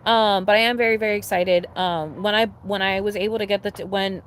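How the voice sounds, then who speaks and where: A young woman livestreaming, talking off the cuff in a middle-pitched voice full of likes and you-know-what-I-means. She swears freely and gets excitable, with faint traffic noise behind her. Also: fairly quick. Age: young adult. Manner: rambling, swears often, many fillers and restarts; animated, laughing and excitable. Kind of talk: casual chat to a live audience.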